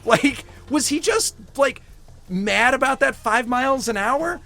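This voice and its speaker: Animated young man telling a story. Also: very high-pitched, measured pace, vocal fry, faint music behind. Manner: animated storyteller, swears freely. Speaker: co-host playing a game. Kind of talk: casual chat while gaming.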